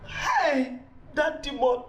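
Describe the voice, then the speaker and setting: Frantic mother, Nigerian accent, high and very lively, echoey room, faint hiss. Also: very slow. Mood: anxious. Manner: frantic, accusing. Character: frantic mother of a hospitalized daughter.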